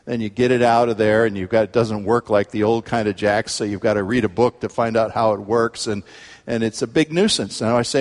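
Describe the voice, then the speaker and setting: A male pastor preaching a sermon, earnest, his voice climbing sharply in pitch and force when he presses a point. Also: steady tone, brisk, in a large hall.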